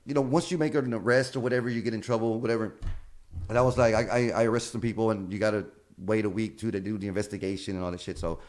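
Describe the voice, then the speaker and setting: Speaking fast in a lowish register, a male comedian guest tells loose, casual stories. His delivery is animated, full of swearing, with quoted exchanges acted out.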